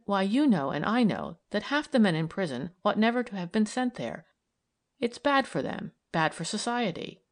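A woman's voice: mid-range voice, big pitch swings, moderate pace, voice pushed up, close to an everyday voice. A woman reading aloud and voicing an earnest, idealistic young woman who argues eagerly and persuasively.

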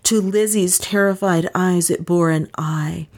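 Woman reading a novel aloud, slow steady delivery, lowish voice. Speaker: narrator. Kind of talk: audiobook narration.

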